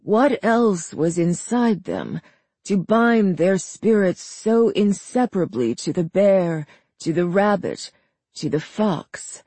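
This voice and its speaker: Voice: mid-range voice, expressive, darkish tone, slightly rough, no echo, exaggerated voice. Narrator voicing a frail, menacing old villain. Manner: slow, mild, menacing delivery. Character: frail old male villain, cruel and calm.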